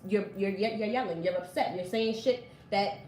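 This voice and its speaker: A woman's voice: mid-range voice, normal speed, darkish tone. A woman co-hosting a casual couple chat, earnestly arguing her point on relationships. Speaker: co-host. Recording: echoey room.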